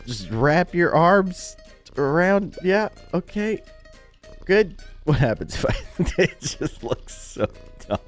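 Young man, gaming commentary, playful and silly, very animated pitch, faint music underneath. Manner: goofy, laughing, animated reactions. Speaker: gaming YouTuber.

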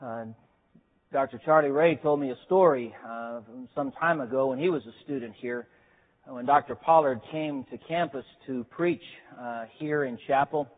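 A man's voice: mid-range voice, normal speed. A man preaching a chapel sermon in a folksy, self-deprecating way, with lots of hesitant fillers. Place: seminary chapel. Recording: tinny phone-like band.

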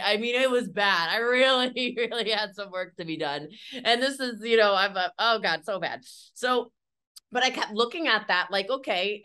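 Bright, energetic woman sales mentor. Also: medium pitch. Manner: energetic, chatty, emphatic, acts out little scenes with fillers like "like" and "okay". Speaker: entrepreneur and sales mentor, interview guest. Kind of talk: candid interview conversation.

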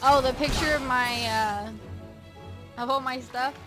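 A woman's voice: high-pitched, steady tone, measured pace, over music. A young woman casually chatting and commenting while playing a game on stream, talking to characters and her chat in a playful way.

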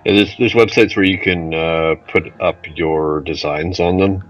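A man's voice: low voice, steady tone, measured pace. A man, a game developer streaming, chatting casually with a dry joking manner. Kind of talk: casual chat while playing. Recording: dull lo-fi stream audio. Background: faint music.

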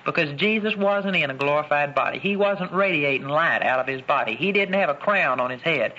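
A man teaching a Bible lesson in an emphatic preaching style, repeating key phrases and slowing down to stress words. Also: a little high, lively intonation, sharp tone, dull audio.

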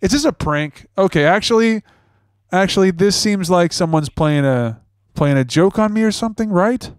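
A man's voice: high-pitched, animated, normal speed, smooth, no echo, studio quality. A man playing a panicky adult son who stammers and repeats himself during a scam-bait call. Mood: flustered.

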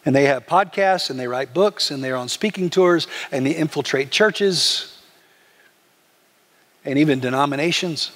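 A male pastor delivers a sermon in a conversational, animated way. His voice sits high, and a long reverb trails his words through the church. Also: unhurried. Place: church sanctuary.

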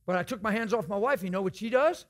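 A man giving a sermon in a church, swinging from hushed whispers to loud shouted emphasis and acting out conversations in other voices. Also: sits high, fast talker, heavy background noise. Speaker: guest preacher.

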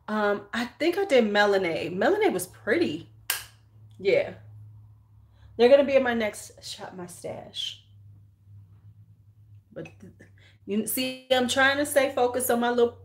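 A middle-aged woman hosting a beauty livestream, chatting casually and frankly while doing her makeup, joking bawdily with viewers. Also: medium pitch.

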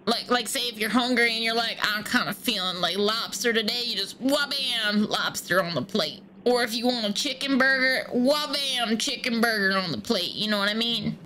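A goofy woman rambles and breaks into silly shouts as she plays dumb on a prank call. Her voice is bright and sits on the high side. A faint hiss runs underneath. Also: normal speed, hardly any pauses. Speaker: scambaiter.

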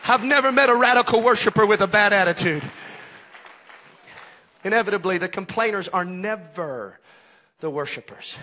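A man preaching a Pentecostal sermon to a congregation in a church, swinging from quiet asides to shouted, half-sung climaxes and calling out to the crowd. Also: very high-pitched, vocal fry. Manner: calls out to congregation, chanting and half-singing lines. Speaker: pastor. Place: church sanctuary.

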